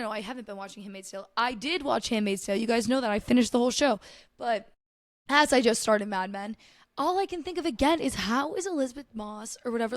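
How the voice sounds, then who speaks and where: A young woman with a slightly high voice chats solo on her podcast, filling every sentence with "like" and cheerful swearing. She gushes dramatically about her shows and hops between topics. The sound is dry and close, with no room around her. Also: no room sound. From United States. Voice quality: chatty, profane, filler-heavy with lots of "like". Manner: gushing and dramatic about TV, quick asides. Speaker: podcast host. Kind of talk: casual solo chat.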